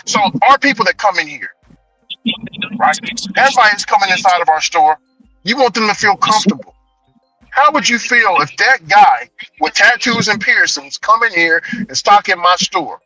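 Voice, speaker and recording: A man telling a story from his vehicle, animated and repeating himself as he acts out the people in it. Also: high voice, normal speed, far from the mic, low-quality recording. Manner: animated, repeats words, acts out quoted voices. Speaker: delivery driver telling a story. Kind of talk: casual storytelling vlog. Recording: voice a bit off-mic, faint music behind.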